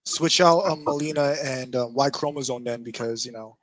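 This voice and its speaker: A man in casual gaming chat, animated, often laughing and restarting his sentences. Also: mid-range voice, normal speed, dry recording, low-quality recording. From New York. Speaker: podcast co-host.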